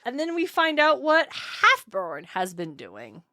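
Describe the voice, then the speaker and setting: An animated woman co-hosting a casual book podcast, retelling scenes quickly. Her voice sits fairly high and moves a great deal. The recording is close and dry. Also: dry recording. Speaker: podcast co-host.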